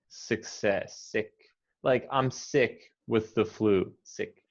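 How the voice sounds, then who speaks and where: Low-voiced American English teacher. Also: male voice, vocal fry. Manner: patient, models words slowly and repeats them. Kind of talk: pronunciation coaching. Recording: dull lo-fi audio.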